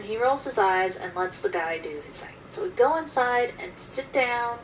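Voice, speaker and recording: A woman casually telling a personal story in an animated, emphatic way, recorded from some distance. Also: fairly high pitch, a little hiss or hum.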